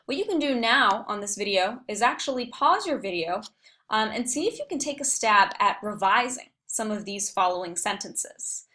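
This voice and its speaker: Woman instructor, mid pitch, patient and clear, writing workshop lesson, occasional ums. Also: expressive, normal speed, pushed and bright. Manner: clear, patient explaining with frequent fillers. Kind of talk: recorded online writing workshop.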